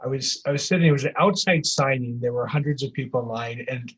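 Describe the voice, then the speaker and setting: A middle-aged man, an author being interviewed, telling anecdotes in a relaxed way with dry humor. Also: mid-range voice, fast, breathy edge. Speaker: author guest.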